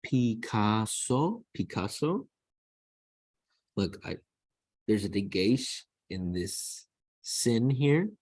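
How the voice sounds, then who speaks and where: Man, teacher, slow, lowish voice, repeats words to model them, dry close recording. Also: sing-song, darkish tone, breathy edge, no echo. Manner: slow, repeats each word to model pronunciation. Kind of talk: screen-recorded lesson.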